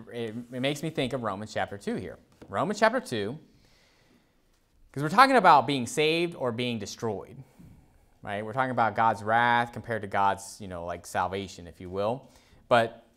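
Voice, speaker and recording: A man's voice: medium pitch, big pitch swings, fairly bright tone. Casual-talking man preaching a sermon. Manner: casual, conversational, many fillers, reads scripture aloud slowly. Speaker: pastor. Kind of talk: expository sermon. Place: church.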